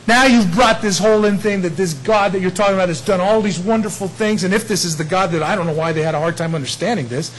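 Animated high-voiced male preacher. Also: brisk, husky, low-quality recording. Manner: animated, swings between hushed asides and loud emphatic peaks; chuckles often, conversational and playful. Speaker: pastor. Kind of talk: sermon.

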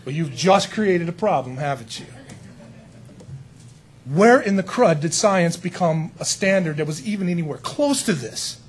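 A man preaching a sermon in an animated, conversational way, with frequent asides to his listeners. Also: high-pitched, measured pace, a little hiss or hum.

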